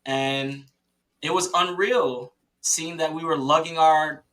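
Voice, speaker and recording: A man talking casually on a podcast, telling a rambling, excited story with many restarts and laughs, and acting out what his teammates said. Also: a little high, takes it slowly. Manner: quotes teammates in lively voices. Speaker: podcast guest, paintball player.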